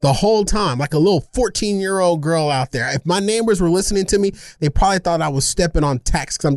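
A man co-hosting a podcast, telling a rambling, self-mocking story in casual chat, animated and funny. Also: sits high, fast talker, few pauses, no room sound, studio quality. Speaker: podcast co-host.

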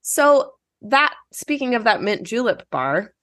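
A woman's voice: a little high, big pitch swings, slow, a bit bright, no echo, studio quality. A woman on a podcast panel, chatty and sharing fun facts. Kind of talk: casual chat.

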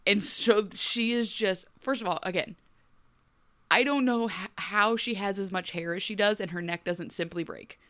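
A woman co-hosting a podcast, giving a wry, animated recap with frequent laughs. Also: medium pitch, smooth. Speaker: podcast co-host. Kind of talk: casual recap chat.

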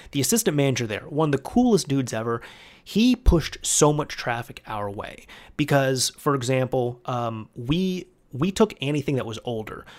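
A young man recounts a story in a relaxed, rambling monologue. His delivery is conversational and unpolished, his voice sitting at an ordinary middle pitch. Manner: rambling, conversational with fillers and restarts.

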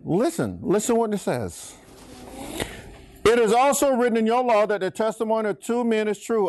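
A middle-aged man, teaching from the Bible as a pastor and having the congregation finish his lines. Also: a little mellow. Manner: preachy, swings pitch, asks congregation to finish lines. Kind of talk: call-and-response Bible teaching.

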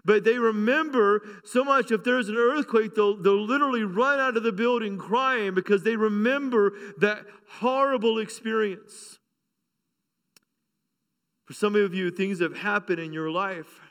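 A man's voice: high voice, unhurried, a bit bright, clear, resonant tone. A middle-aged man pastor preaching a sermon fervently, with call-outs and humor, in a church. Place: church sanctuary. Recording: long hall reverb.

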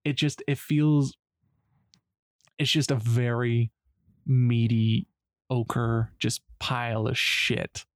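A man's voice: mid-range voice, level tone, drawn-out words, pauses often, dry recording, clean studio sound. A man co-hosting a casual movie podcast, rambling and swearing as he trails off and restarts. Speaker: podcast co-host. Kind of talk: casual movie review chat.

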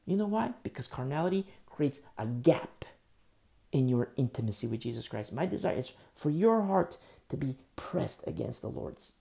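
A man preaching a sermon as pastor, emphatic and repetitive, swinging between loud bursts and hushed asides. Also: medium pitch, big pitch swings, normal speed, creaky. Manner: repetitive, with frequent fillers.

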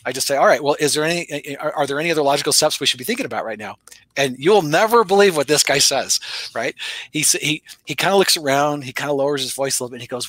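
Male sales coach, quick and sharp-toned, animated storyteller with dialogue impressions; dry, close recording. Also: a little high, no room sound. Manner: animated storyteller, playful voice shifts for quoted lines. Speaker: sales trainer. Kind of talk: conversational teaching with acted-out dialogue.

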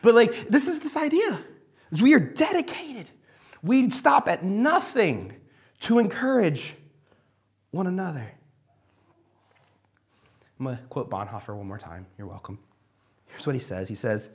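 A man giving a sermon in a church hall, conversational and animated, sometimes dropping to a quiet, reflective tone. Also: medium pitch, moderate pace, long pauses. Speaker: pastor.

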